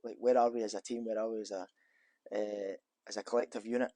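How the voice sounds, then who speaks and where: A man's voice: fairly low pitch, flat delivery, fast talker, dark tone, dry recording. A man, a former footballer being interviewed in an office, talking casually and rambling with many restarts and fillers.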